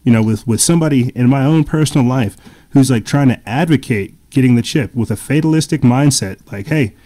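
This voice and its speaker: A man's voice: medium pitch, brisk, dark tone. A man in casual podcast chat, talking in long rambling runs full of fillers and restarts.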